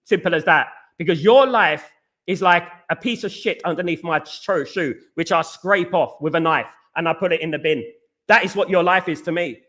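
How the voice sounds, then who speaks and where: Bright high-voiced English man ranting. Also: moderate pace. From England. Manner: heated, argues with chatters, calls them mate. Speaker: fan channel host reading live chat. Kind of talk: livestream fan talk show.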